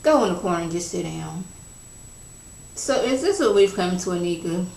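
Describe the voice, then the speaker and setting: A woman's voice: lowish voice, expressive, moderate pace, creaky, darkish tone, a little hiss or hum. A woman giving a casual spoken TV episode recap, chatty and slangy, full of "you know" and "like". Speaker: TV episode reviewer. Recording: echoey room.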